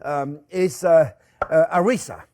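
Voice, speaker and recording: A man's voice: on the high side, measured pace, a little mellow. An older man with a French accent, hosting a casual cooking demonstration in a kitchen, chatty and joking with lots of fillers and restarts. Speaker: chef and host. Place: home kitchen.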